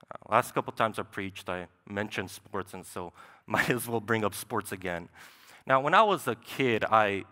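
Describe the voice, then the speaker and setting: A man's voice: mid-range voice, pushed and bright. Young male preacher in a reverberant hall. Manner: conversational, with frequent "right?" asides. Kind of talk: sermon. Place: church sanctuary. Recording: long church hall reverb.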